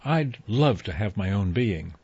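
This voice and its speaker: A man's voice: fairly low pitch, animated, a little slow, darkish tone, slightly rough, highs cut off, heavily acted. A man voicing a small, eager, childlike voice inside a character's head. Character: tiny childlike inner voice, eager.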